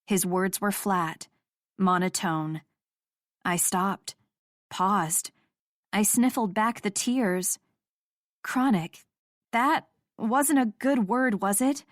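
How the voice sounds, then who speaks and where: Brief: female romance audiobook narrator, middle pitch, dry studio sound. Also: takes it slowly, pauses often, no room sound.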